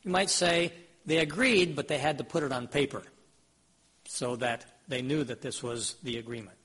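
A man's voice: mid-range voice, normal speed, a bit bright, slightly rough. A man preaching a sermon, retelling scripture in everyday words and putting questions to his listeners in a conversational way. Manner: conversational, asks the audience questions.

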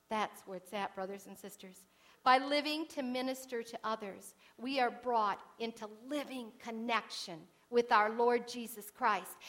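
Woman preacher, high bright voice, earnest, hushed-to-emphatic sermon delivery.

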